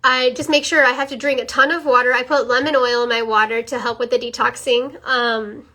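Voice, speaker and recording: A woman's voice: on the high side, fairly even intonation, fairly quick, pushed and bright. A young woman earnestly giving a casual testimonial as a mother, with many fillers and repeats. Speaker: mother sharing a product testimony.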